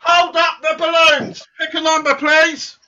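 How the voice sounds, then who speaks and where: A man's voice: extremely high pitch, little pitch movement, unhurried, sharp tone, heavily acted. A man voicing a cocky, boastful male quizmaster character who teases the kids in a comic church sketch. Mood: smug teasing. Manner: teasing, boastful, playfully smug. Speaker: quiz host at a church service. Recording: muffled lo-fi recording.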